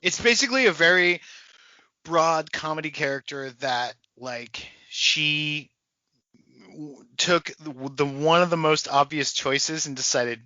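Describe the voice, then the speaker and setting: A man's voice: fairly high pitch, measured pace, sharp tone, no echo, muffled recording. A man co-hosting a podcast, chatting casually about a film and acting out jokey quotes in silly voices. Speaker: podcast co-host. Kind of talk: casual movie-review chat.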